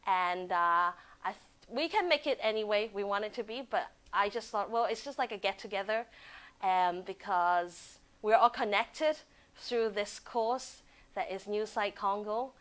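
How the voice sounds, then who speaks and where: A woman hosting a casual live stream from a living room, excitable and giggly as she talks to the camera. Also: mid-range voice, unhurried, poor audio.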